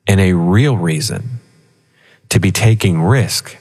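A man co-hosting a financial radio show, explaining retirement money choices through animated stories and acted-out voices. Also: low voice, takes it slowly, husky, long reverb tail. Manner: animated storytelling, acts out voices in quotes. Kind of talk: conversational financial advice.

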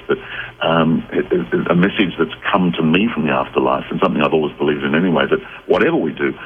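Deep-voiced man on a phone line. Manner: measured, reflective explaining with restarts. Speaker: psychic guest. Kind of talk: radio call-in talk. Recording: tinny phone line with faint noise.

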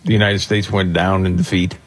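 A man with a low, husky voice hosts a casual talk show, bringing up topics for his co-hosts in an easy, conversational way. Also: level tone, a little fast. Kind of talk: casual talk radio chat.

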